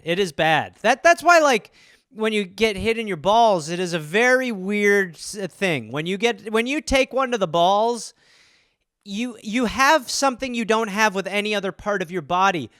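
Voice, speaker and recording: A man riffs alone on a comedy podcast, rambling and profane, tossing in quick silly voices. His voice sits high and sounds bright and forward. The sound is dry and close. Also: expressive, clear, resonant tone, no echo. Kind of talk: solo comedic riffing on listener topics.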